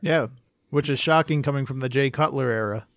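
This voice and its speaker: A man's voice: medium pitch, brisk. A man co-hosting a casual sports chat, speaking hesitantly with many fillers. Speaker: podcast co-host.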